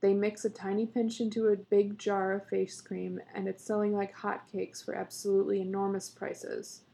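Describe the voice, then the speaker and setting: A woman reading a story plays a middle-aged beekeeper, pleased with himself and endlessly patient. He coaxes and boasts in a warm, low tone with a touch of rasp, the kind of voice you hear in a storybook read aloud. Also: level tone, moderate pace, close to an everyday voice. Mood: boastful. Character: male beekeeper husband, proud and teasing.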